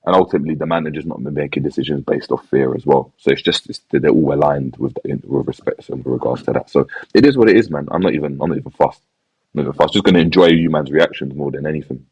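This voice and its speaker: A man talks football in a casual podcast chat, sounding laid-back and resigned, and he leans on slang and repeats his phrases. His voice sits very low with a husky, grainy edge. The recording is close and dry. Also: fast talker, a little mellow, no echo, rough recording. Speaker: football fan panelist.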